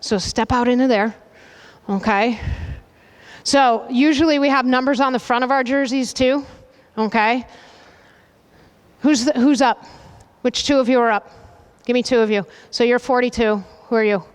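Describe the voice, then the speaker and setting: A woman coach runs a hands-on goalkeeping demo, her higher, clear, resonant voice ringing through a large indoor hall with a long echo. She gives brisk, directive instructions, keeps checking in with "okay?", and calls commands out loudly. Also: fairly even intonation. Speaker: soccer coach running a goalkeeping demonstration. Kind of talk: on-field coaching demonstration. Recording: reverberant hall, voice from a distance.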